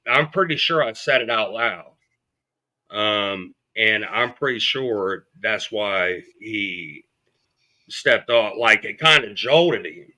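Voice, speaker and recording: Bright-voiced man telling a blunt story. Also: fairly low pitch, expressive, takes it slowly. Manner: blunt and profane, acting out what people said. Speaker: podcast guest. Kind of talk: storytelling in an interview.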